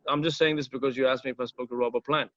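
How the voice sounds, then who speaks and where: A man tells stories in a loose, rambling way, full of "uh"s, false starts and casual swearing. His voice sits at an ordinary middle pitch. The recording is dry and a little dull, like lo-fi audio. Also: fairly even intonation, very fast, fairly bright tone, no room sound. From South India. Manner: rambling, profane, many fillers and restarts. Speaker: musician guest. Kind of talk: casual storytelling interview.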